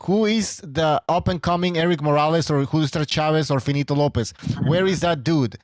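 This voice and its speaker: Host guy reading superchats, kinda high voice, dry. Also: fairly quick, no echo. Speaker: podcast host. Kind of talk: casual chat, reading chat messages.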